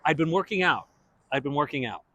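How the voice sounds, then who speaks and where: A man's voice: on the high side, brisk, lo-fi sound, a little hiss or hum. A man, a guest, telling a backstage anecdote in casual chat and acting out the quotes. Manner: animated storyteller, acts out quotes.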